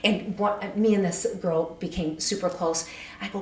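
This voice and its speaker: A woman's voice: on the low side, fairly even intonation, normal speed, a little mellow, echoey room, slight background noise. A woman from upstate New York, a podcast guest, telling a long story in casual chat and acting out other people's lines. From Syracuse, New York.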